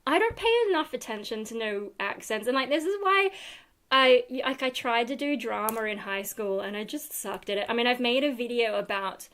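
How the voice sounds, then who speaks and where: A woman's voice: a little high, normal speed, fairly bright tone. A woman from Australia with an Australian accent, chatting casually on a livestream with lots of fillers and giggles. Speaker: livestream host. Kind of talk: casual live chat answering viewers. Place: home room.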